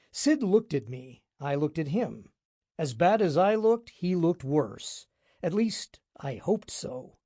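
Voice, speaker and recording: A man narrating a hard-boiled detective audiobook in the first person, wry and deadpan. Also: a little high, slow pace, no room sound, clean studio sound.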